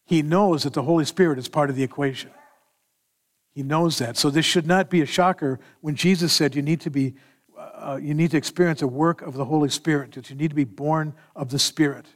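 Man, pastor, sermon, animated, acts out dialogue, slightly high pitch. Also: brisk.

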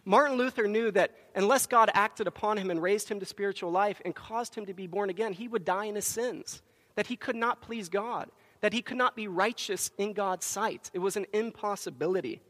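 Man, preacher, sermon, high voice, emphatic storytelling, microphone, reverberant church hall. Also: fairly quick, a bit bright. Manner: storytelling with acted quotes, emphatic. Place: church sanctuary.

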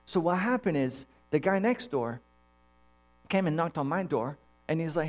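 A man preaching a sermon, telling personal stories in an animated way and acting out the dialogue. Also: fairly high pitch, normal speed, soft background music. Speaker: pastor.

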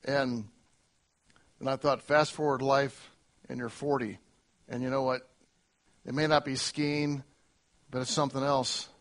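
A middle-aged male pastor preaching a sermon, earnest, moving between loud exclamations and quiet reflection. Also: mid-range voice, fairly even intonation, unhurried, long pauses.

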